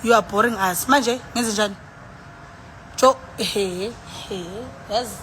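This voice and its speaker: Chatting casually on a live stream, a woman with a South African accent talks into her phone while tipsy, sighing, rambling and mixing languages. She has a medium-pitched, slightly bright voice and an unhurried pace. There is slight background noise.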